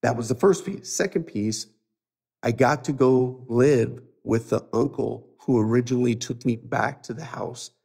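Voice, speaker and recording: An American man in his fifties, a guest on a podcast, tells his life story in a storytelling interview. His mid-range voice is gravelly, darkish and a bit breathy, at normal speed, and he speaks earnestly and emotionally while acting out the dialogue.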